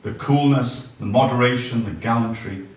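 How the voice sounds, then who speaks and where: A man's voice: medium pitch, normal speed, a little hiss or hum. A man gives a public history talk in a large, very echoey room, heard from some distance away from the mic. His delivery is conversational, with ums and restarts, and he reads quotations aloud now and then. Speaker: local history speaker.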